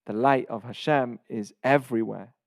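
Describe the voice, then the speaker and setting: A man hosting and teaching a casual Torah lesson, explaining in short phrases with pauses and glossing Hebrew terms as he goes. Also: mid-range voice, gravelly, dry recording, studio quality.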